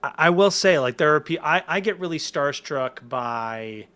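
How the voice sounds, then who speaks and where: A man in his forties chatting as a podcast guest, with a bright, forceful voice that sits a little high. He tells his stories in an excited, rambling way, stopping and restarting his sentences often. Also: moderate pace. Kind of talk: casual chat.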